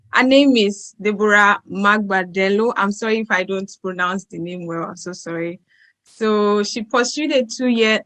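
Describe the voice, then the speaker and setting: A woman's voice: medium pitch, sharp tone, low-quality recording. A woman hosting an online event, hesitant and apologetic, often restarting her sentences. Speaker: event host.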